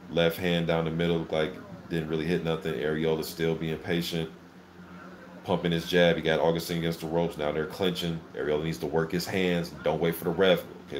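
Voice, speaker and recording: A man hosting a casual live boxing reaction, calling the action play-by-play in an excitable, filler-heavy way. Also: rumbling low, slight background noise. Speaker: boxing channel host. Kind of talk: live fight commentary reaction.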